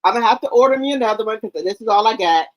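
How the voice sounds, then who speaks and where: High-voiced chatty woman talking to viewers. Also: animated, racing, rough recording. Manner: loud, chatty, swears freely, repeats herself. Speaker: gossip channel host. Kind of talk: casual chat to camera.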